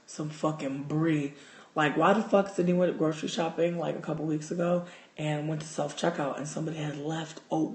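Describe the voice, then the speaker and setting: A man tells a story on his livestream in loose, profane talk that keeps building into loud excitement. His voice sits a little high and rings out in an echoey room. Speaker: livestream host.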